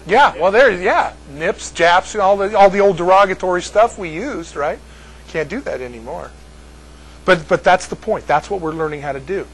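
Husky high-voiced older man storyteller. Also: moderate pace, low-quality recording. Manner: rambling, repeats words, laughs at own story. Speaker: speaker addressing a group. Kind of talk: casual storytelling.

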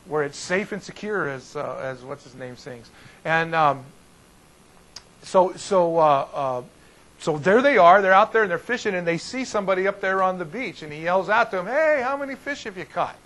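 Folksy, animated pastor with a higher male voice. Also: moderate pace, low-quality recording. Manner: folksy, animated storytelling with frequent restarts. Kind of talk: informal Bible study teaching.

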